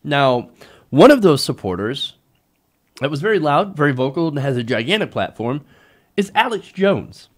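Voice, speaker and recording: A man's voice: a little high, very animated, moderate pace. Casual, sarcastic male political commentator. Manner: casual, sarcastic, chuckling, many fillers. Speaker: host.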